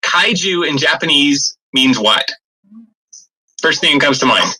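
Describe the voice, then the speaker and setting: A man's voice: fairly high pitch, animated, a little slow, pushed and bright, breathy edge, rough recording. A man co-hosting a podcast and running a quiz, with dry, matter-of-fact delivery. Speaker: podcast co-host, quizmaster.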